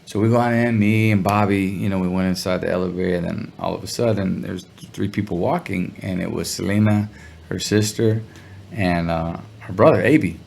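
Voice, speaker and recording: A man telling a story in a relaxed interview, talking in slang and sounding animated when he quotes people. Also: low voice, moderate pace, creaky. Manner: laid-back, slangy, animated when quoting others. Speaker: guest musician.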